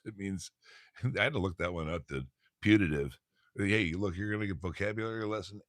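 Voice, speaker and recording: A man's voice: deep voice, a bit bright, no room sound, clean studio sound. A man teaching a casual lesson, reading a textbook aloud in a laid-back, slangy way, often stumbling over words, recorded on a phone.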